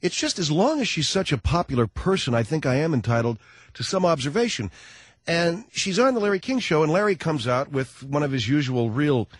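A middle-aged man hosting a comedic talk radio show, rambling in a sarcastic, animated monologue. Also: a little high, fairly quick, dry recording.

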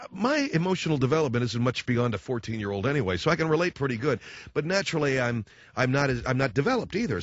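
A man's voice: medium pitch, dry recording. A man in his forties delivering a rambling, self-mocking comedic monologue as a radio host. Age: 40s. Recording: slightly dull lo-fi recording.

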